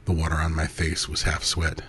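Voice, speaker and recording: A man narrating an intimate first-person erotic story in a soft, breathy voice that often drops to a half-whisper. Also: a bass voice, completely flat delivery, moderate pace, a little hiss or hum.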